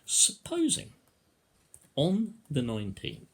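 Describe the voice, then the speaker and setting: A man's voice: mid-range voice, wildly swooping pitch, unhurried, vocal fry, slightly rough. A man giving a sarcastic, mock-rhetorical opinion monologue, stretching out words for emphasis.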